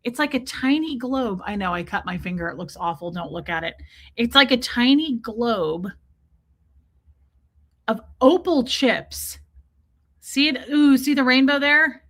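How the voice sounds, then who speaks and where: Woman, livestream host, casual gushing chat, bright tone, slightly high pitch. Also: lively intonation, a little slow. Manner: gushing, chatty, greets viewers by name.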